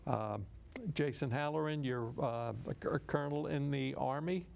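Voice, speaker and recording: An older man hosting a veterans talk show, halting and restarting as he goes. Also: medium pitch, vocal fry, a little mellow, smooth. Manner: halting, with many restarts and fillers. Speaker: host.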